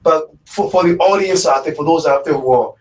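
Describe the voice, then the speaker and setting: A man's voice: fairly high pitch, fairly quick, a little mellow, distant mic, rough recording. A man hosting a live radio show in casual chat, rambling with lots of fillers and repeated words. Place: radio studio.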